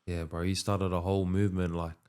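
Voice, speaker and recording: Flat deep-voiced young man hosting. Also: quick pace, clear, resonant tone. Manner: laid-back, says "bro" and "like" often. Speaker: podcast host and rugby league player. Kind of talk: casual interview chat.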